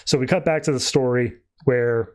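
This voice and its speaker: A man's voice: medium pitch, normal speed, a little mellow. A man hosting a podcast, loosely retelling a comic plot with plenty of fillers. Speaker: podcast host. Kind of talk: casual comic recap.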